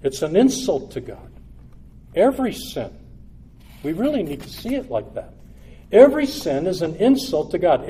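A man preaches with earnest, repetitive insistence. His voice sits a little high but sounds mellow and warm. It climbs to loud, emphatic peaks and sinks to low, quiet stretches over a faint background hiss. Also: very animated, normal speed, long pauses. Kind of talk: sermon.

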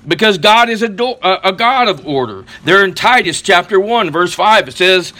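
Middle-aged man, preacher, slightly high and bright voice, halting sermon delivery full of fillers. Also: expressive. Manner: slow, halting delivery with many fillers and restarts; reads scripture slowly with emphasis.

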